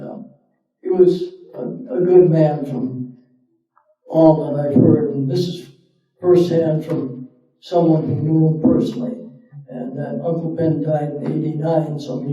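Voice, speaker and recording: A man's voice: fairly high pitch, dark tone. A man on a panel telling rambling, folksy anecdotes about local history. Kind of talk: storytelling at a panel talk. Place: town hall. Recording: echoey hall, distant and lo-fi.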